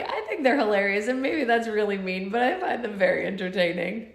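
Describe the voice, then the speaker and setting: A woman's voice: medium pitch, fairly quick, gravelly. Woman reading aloud in an echoey room. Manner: animated, giggly asides. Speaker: book club reader. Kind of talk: live read-aloud with chatty asides.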